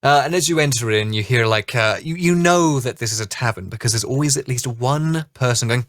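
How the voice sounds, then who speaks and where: A man's voice: medium pitch, normal speed, fairly bright tone, no room sound, clean studio sound. A man narrating a tabletop game as dungeon master in a loose, chatty way with fillers.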